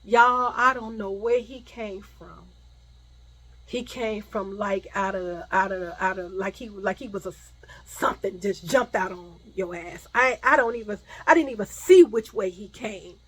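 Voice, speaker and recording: A woman's voice: medium pitch, a little slow, slightly rough, low-quality recording. A woman telling a story about her own past in a casual storytime vlog, swearing freely and acting out the other voices. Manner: animated, swears freely, acts out voices, drops to a hush for scary parts.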